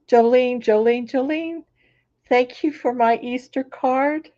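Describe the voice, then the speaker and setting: Chatty hoarse woman, high and slow, mellow tone, live on a laptop. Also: lo-fi sound. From Florida. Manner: chatty, greets viewers by name. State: hoarse, recovering voice. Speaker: crafting channel host. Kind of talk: casual livestream chat. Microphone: laptop microphone.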